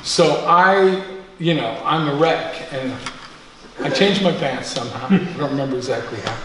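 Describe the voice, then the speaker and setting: Animated man telling stories in an echoey room. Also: on the high side, normal speed, a crowd in the background. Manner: animated, self-deprecating, laughing through the story. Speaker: storyteller guest. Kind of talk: personal storytelling to a live group. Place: community center room. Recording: echoey room, mic far off, faint noise.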